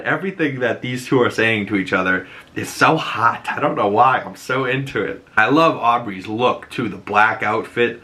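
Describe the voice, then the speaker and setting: A man hosting a casual episode recap, animated and acting out character lines in put-on voices. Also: lowish voice, brisk.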